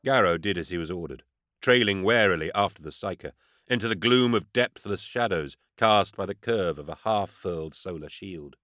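A man reading scripted narration in a steady, measured storytelling manner. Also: sits low, no room sound, clean studio sound. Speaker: audiobook narrator.

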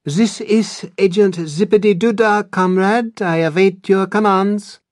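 A man voicing a flippant male hacker who jokes in a fake Russian accent, pitched well above his own voice and louder. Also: a little slow, no echo, clean studio sound. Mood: mock-formal. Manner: jokey, flippant.

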